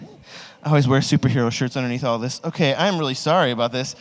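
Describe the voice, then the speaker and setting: With a medium-pitched, animated voice and a quick pace, a man in his thirties, a youth pastor, rambles through a self-mocking personal story in a sermon, using "like" constantly. Two stage microphones record him in a large hall before an audience, with lengthy reverb.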